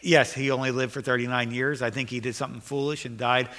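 A man's voice: medium pitch, steady tone, quick pace, fairly bright tone, big-room sound. A man preaching a sermon as pastor, earnest and repeating phrases for emphasis, in a church sanctuary.

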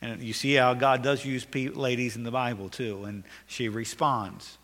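A man's voice: mid-range voice, steady tone, normal speed, fairly bright tone, long reverb tail. A man preaching a sermon as pastor, earnest and repeating phrases for emphasis, in a church sanctuary.

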